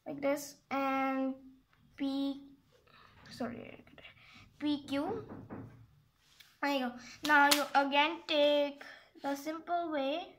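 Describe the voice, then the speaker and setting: A woman's voice: sits high, flat delivery, slow, pauses often, noisy background. A woman explaining a geometry exercise step by step in a casual, rambling way, often stopping to correct herself and apologize. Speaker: math tutorial maker.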